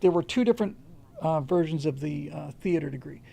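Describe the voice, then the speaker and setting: A man's voice: fairly high pitch, a little fast, vocal fry, dark tone. A man hosting a livestream, answering viewer questions in casual, rambling talk with frequent restarts. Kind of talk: casual unscripted commentary.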